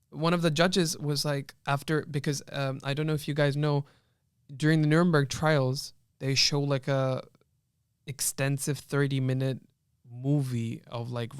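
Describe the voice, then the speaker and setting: A man's voice: medium pitch, clear, resonant tone, no room sound, clean studio sound. A young man, a law student, earnestly retelling a film in a casual panel discussion, with many restarts.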